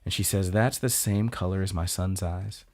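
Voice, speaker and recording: A man's voice: deep voice, moderate pace. A man co-hosting a podcast, casually recapping anime episodes and acting out what the characters say. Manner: retells scenes, acting out character lines; relaxed, conversational with hesitations. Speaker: podcast co-host.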